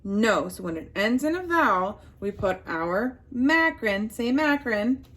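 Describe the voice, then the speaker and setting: A woman teaching a phonics lesson to young children, slowly sounding out words and prompting the class to answer. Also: fairly high pitch, very animated, a bit bright.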